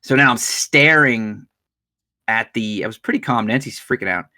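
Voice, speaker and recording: A man's voice: medium pitch, normal speed, sharp tone. A man hosting a podcast, telling a story in casual chat, swearing freely. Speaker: podcast host.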